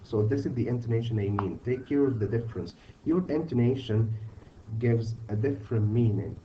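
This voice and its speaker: A man's voice: mid-range voice, normal speed. Man teaching grammar, distant dull recording. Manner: patient, repeats "okay?" to check understanding. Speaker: English teacher. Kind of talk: online grammar lesson. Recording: distant, dull mic with faint hiss.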